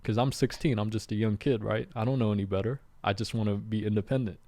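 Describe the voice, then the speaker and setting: Gravelly-voiced podcast host, chatty. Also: male voice, lowish voice, fairly even intonation, fast talker, mellow, no room sound. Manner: loose, chatty, full of "right?" and "like". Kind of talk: casual chat.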